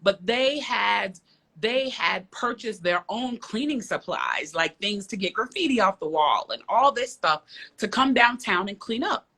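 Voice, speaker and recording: A woman from the south side of Chicago tells her story as a guest, her voice bright and ringing. She leans on repeated phrases for emphasis. She speaks frankly, even bluntly. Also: mid-range voice, measured pace, slightly rough. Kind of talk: casual interview chat, storytelling.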